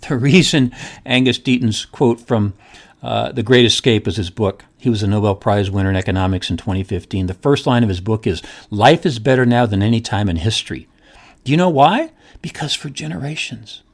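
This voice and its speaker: Lively emphatic male podcast host. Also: mid-range voice. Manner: emphatic, repeats points, asks rhetorical questions. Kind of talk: solo podcast monologue.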